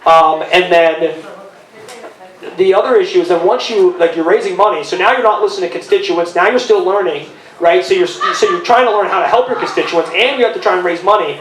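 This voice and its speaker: A man hosting a casual live podcast in a bar, talking fast with lots of restarts. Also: high-pitched, fairly bright tone. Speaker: podcast host. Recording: echoey live room.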